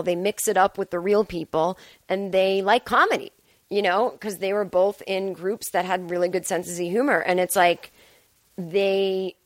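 A woman in her forties hosting a podcast from home, talking casually and swearing freely, acting out quotes in a higher voice. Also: no room sound. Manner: chatty and profane, acts out quotes in a higher voice. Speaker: podcast host. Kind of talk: casual solo monologue.

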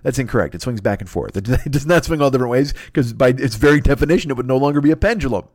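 A man's voice: medium pitch, animated, rapid-fire, darkish tone, no room sound, clean studio sound. A man in his fifties, a podcast host, riffing in a rambling, profane comedic rant and acting out silly voices. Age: 50s.

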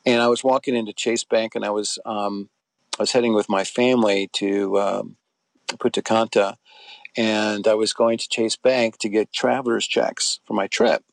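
A man's voice: lowish voice, fairly even intonation, moderate pace, creaky, no room sound. A middle-aged man being interviewed, telling a personal story in a rambling, conversational way with frequent restarts. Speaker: interview guest.

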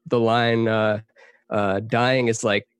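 A man's voice: lowish voice, flat delivery, slow, clear, resonant tone, no room sound. A man who is a guest on a podcast in casual interview chat, talking in a reflective, rambling way with hesitations and dry jokes.

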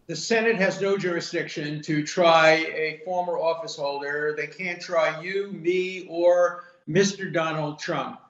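A man's voice: fairly high pitch, fairly even intonation, unhurried, few pauses, fairly bright tone. An older man, a law professor, giving firm and emphatic legal commentary over a remote interview link, laying out his points one by one. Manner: firm, emphatic, lays points out in numbered order. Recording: roomy muffled remote audio with faint hiss.

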